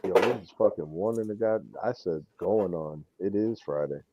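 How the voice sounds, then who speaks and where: A man's voice: low voice, moderate pace, breathy edge, muffled recording. A man hosting a casual livestream chat from home, telling rambling stories full of swearing. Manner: rambling storyteller, heavy swearing, animated quoting. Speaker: livestream host.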